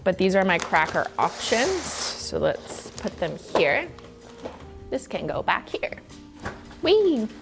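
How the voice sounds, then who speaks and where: Slow-talking playful woman streamer. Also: fairly low pitch, expressive, gravelly, over music. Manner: playful, giggly, jokey. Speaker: live-stream host. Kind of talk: casual live-stream cooking chat. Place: home kitchen.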